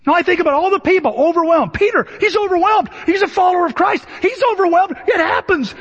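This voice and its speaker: A male pastor giving a conversational, humorous sermon and acting out Bible figures in quick asides. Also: very high-pitched, expressive. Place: church sanctuary. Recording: dull sound in a hall with long reverb.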